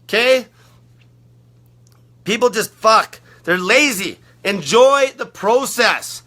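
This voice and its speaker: A man coaching on fasting in a blunt, aggressive monologue full of constant swearing. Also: high voice, lively intonation, bright, forceful tone. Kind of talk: profane ranting monologue.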